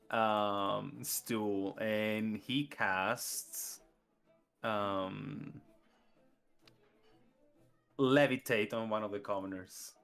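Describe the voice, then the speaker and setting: Man, game master, tabletop narration, slow, gravelly. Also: mid-range voice, fairly bright tone.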